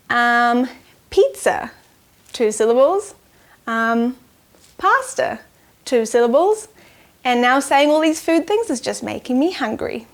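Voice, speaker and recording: A young woman teaching children in a cheerful manner, going slow and clear when counting syllables. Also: on the high side. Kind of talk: children's lesson.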